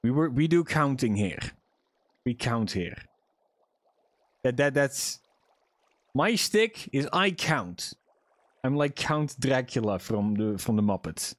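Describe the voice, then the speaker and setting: Young male streamer, chatty and jokey, swears freely, very animated pitch. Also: takes it slowly, long pauses, no room sound. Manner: chatty, profane, jokey self-talk to viewers. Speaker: livestreamer. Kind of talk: casual gaming livestream chat.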